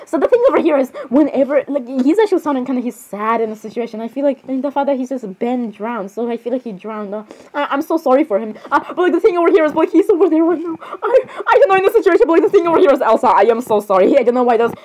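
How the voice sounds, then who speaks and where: A woman chatting in a playful role-play reaction, giggly and excitable, often apologizing. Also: high voice, fast, hardly any pauses, low-quality recording.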